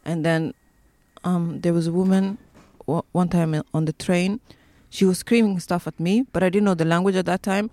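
A woman's voice: lowish voice, fairly even intonation, moderate pace, warm tone, no echo. A woman telling personal stories in an interview, hesitant, with many fillers and restarts. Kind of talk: personal storytelling.

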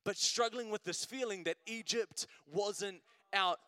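In a church service, a man preaches unhurriedly in a slightly high voice, keeping things relaxed and conversational while often checking in with "right?" He works up to emphatic, repeated phrases, and the recording is dry, close, and clean-toned.

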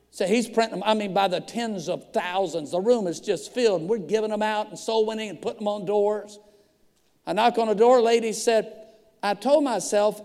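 A man preaching as a pastor, telling a story with lively acted-out dialogue. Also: high-pitched. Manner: animated storyteller acting out dialogue. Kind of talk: storytelling sermon. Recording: long hall reverb.

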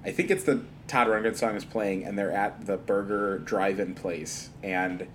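A man co-hosting a casual podcast talk about a film, lively and quick to laugh, acting out quotes with big jumps in pitch. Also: a little hiss or hum. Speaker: podcast co-host. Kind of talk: casual movie discussion.

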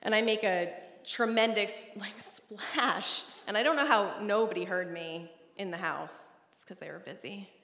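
A woman tells a funny personal story live on stage, her voice dropping to a hush and then rising loud. The sound is roomy, with a long hall echo. Steady noise runs underneath. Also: mid-range voice, measured pace, few pauses. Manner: animated, comic, swings between hushed and loud.

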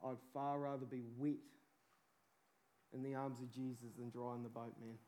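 A man's voice: medium pitch, flat delivery, moderate pace, warm tone. A man preaching a sermon with fervent urgency, peppering it with casual slang.

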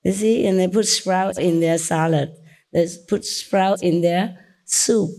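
A woman's voice: on the low side, steady tone, measured pace, dark tone. A woman from Vietnam with a Vietnamese accent, a spiritual teacher giving an informal talk to her disciples in a chatty, teasing way, with many tag questions.

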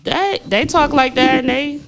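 A man's voice: extremely high pitch, measured pace, vocal fry, fairly bright tone. A man co-hosting a casual talk show, chatting about shows and laughing along. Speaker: podcast co-host. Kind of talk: casual chat.

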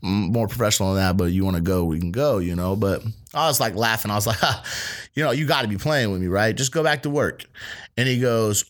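Profane, animated man telling a story. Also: lowish voice, fast talker. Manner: animated, profane, acts out quoted voices. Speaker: podcast co-host; restaurant line cook. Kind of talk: casual storytelling chat.

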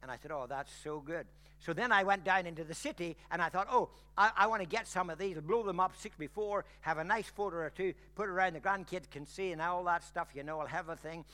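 An older man preaching with a bright, forceful voice pitched a little high. He tells a story from his own life, then builds up to loud, ringing exclamations. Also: fast talker, hardly any pauses. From Ireland. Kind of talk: sermon with personal story.

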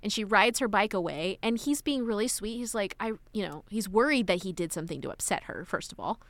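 A young woman recaps a film in easy, gushing conversation. Her voice is bright and crisp, and her pitch leaps around as she acts out lines. The sound is dry and close. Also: a little fast, no room sound. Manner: animated, gushing, acts out quotes. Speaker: podcast co-host. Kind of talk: casual movie recap chat.

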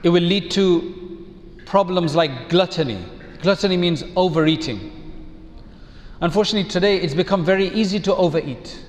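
A man giving a measured, reflective sermon as an Islamic preacher, using rhetorical questions. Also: high-pitched, long reverb tail.

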